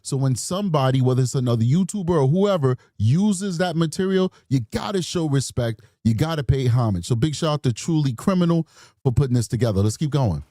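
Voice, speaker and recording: A man's voice: mid-range voice, lively intonation, brisk, warm tone, dry recording. A man hosting a true crime show in casual, rambling commentary, chatty with apologetic asides. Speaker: true crime podcast host.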